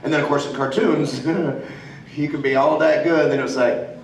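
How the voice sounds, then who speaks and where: A man's voice: a little high, fairly even intonation, moderate pace, a little hiss or hum. A middle-aged man from Australia telling stories as a guest on a voice-actor panel. He laughs often and slips into put-on voices. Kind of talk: convention panel talk, anecdotal. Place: convention hall. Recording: echoey hall, mic from far off.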